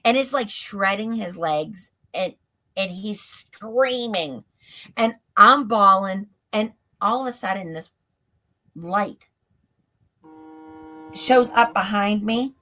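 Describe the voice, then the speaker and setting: A woman's voice: mid-range voice, takes it slowly, long pauses, sharp tone. A woman, a guest on a live stream, telling a story in a breathless run-on way that is full of "like". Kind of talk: storytelling in an interview. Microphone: stream call mic.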